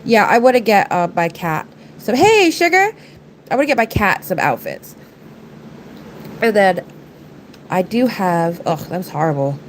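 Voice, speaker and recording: A woman's voice: on the low side, animated, moderate pace, pauses often, a little hiss or hum, rough recording. Congested, chatty woman livestreaming. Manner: chatty, rambling, talks to viewers and her pets. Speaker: nail art livestreamer. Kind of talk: casual livestream chat while doing nails.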